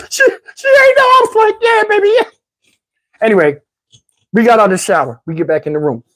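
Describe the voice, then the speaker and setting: A middle-aged man telling a comic story, animated, with loud outbursts while acting out quotes. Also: high-pitched, normal speed, long pauses. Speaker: comedian. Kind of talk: stand-up storytelling.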